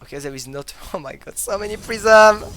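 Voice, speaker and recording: An esports caster giving live play-by-play commentary in non-native English, excitable and prone to sudden loud exclamations. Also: medium pitch. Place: broadcast booth.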